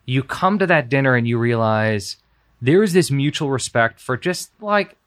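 A man's voice: mid-range voice, animated, moderate pace. A male guest in a casual chat, speaking earnestly with many fillers and restarts. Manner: earnest, lots of fillers and restarts, warm praise.

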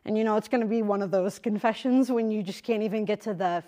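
A woman's voice: mid-range voice, steady tone, a little fast, pauses often, mellow. A young woman missionary giving a conversational, emphatic faith talk, speaking straight to a live group.

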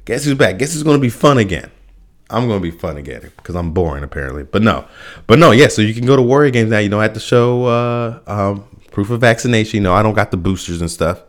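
A man's voice: on the low side, lively intonation, quick pace. A man hosting a podcast alone, rambling through a casual rant with lots of fillers, restarts and little laughs at himself. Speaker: podcast host.

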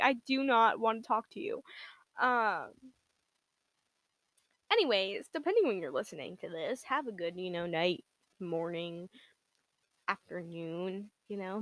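A young woman talks alone into her podcast mic in a loose, wandering monologue. She giggles often and fills her sentences with "like" and "um." Her voice sits at an ordinary middle pitch, and the sound is close and dry with no room echo. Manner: rambling and giggly, full of "like" and "um". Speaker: podcast host. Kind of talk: casual solo podcast monologue.

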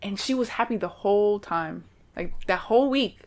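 A woman speaks in a chatty, animated way. She tells her stories with a lot of quoted dialogue, and her voice sits at a medium pitch for a woman. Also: moderate pace. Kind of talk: casual chat.

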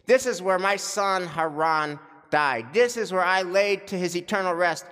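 A man's voice: high voice, measured pace, bright, forceful tone, clean tone, big-room sound. A man voicing a grief-stricken elderly father in a plain, weary, urgent way, acted out within a sermon. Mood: weary, anguished.

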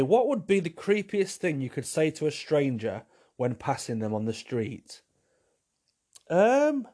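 A man with a warm, mid-range voice hosts a podcast on his own, chatting casually as he works through listener questions. He rambles and repeats himself, often poking fun at himself with wry humour.

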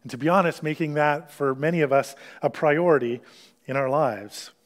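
A pastor preaching a sermon, explaining scripture in an earnest, teaching way with pauses and restarts. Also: male voice, on the high side.

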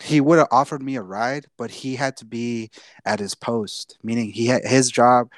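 A man's voice: medium pitch, steady tone, normal speed, no room sound, studio quality. Casual, swearing young man telling a story. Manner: loose, profane, repeats himself. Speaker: podcast co-host.

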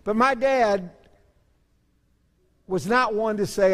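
A man's voice: high voice, normal speed, gravelly, pauses often. A middle-aged man, a pastor, preaching a sermon in a church sanctuary, telling stories in an earnest, self-deprecating way. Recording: long hall reverb.

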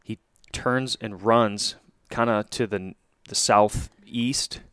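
Smooth-voiced man retelling a hunt. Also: lowish voice, slow pace, no room sound, clean studio sound. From Michigan. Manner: animated retelling with restarts and quoted dialogue. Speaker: hunting podcast co-host. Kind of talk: casual storytelling chat.

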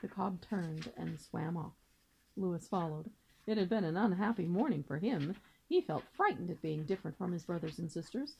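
Expressive woman reading a children's book. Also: medium pitch, vocal fry, slight background noise, rough recording. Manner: expressive, gentle storytelling. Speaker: teacher reading aloud.

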